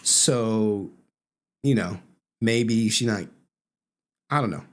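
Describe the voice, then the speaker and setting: A man's voice: fairly low pitch, slow. A man in his thirties giving blunt, profane, mocking commentary while he reacts to an interview clip.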